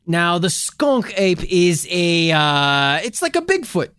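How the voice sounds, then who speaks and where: A man's voice: high voice, sing-song, takes it slowly, fairly bright tone, smooth, dry recording, clean studio sound. A man co-hosting a comedy podcast, rambling playfully with lots of ums and uhs. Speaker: podcast co-host. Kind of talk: casual podcast chat.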